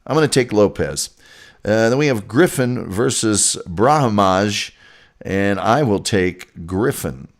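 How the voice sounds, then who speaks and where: A man hosting a casual sports talk show, reading out his fight picks and viewer comments. His voice sits on the low side. He talks slowly, dry and rambling, as if chatting to regulars. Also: expressive.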